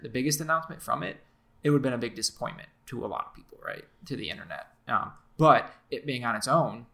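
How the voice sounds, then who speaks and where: A man's voice: medium pitch, fast, creaky, pushed and bright. A man co-hosting a gaming podcast, talking casually with lots of hedges and "right?" checks. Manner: chatty, hedging, many "like" and "right?". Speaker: podcast co-host.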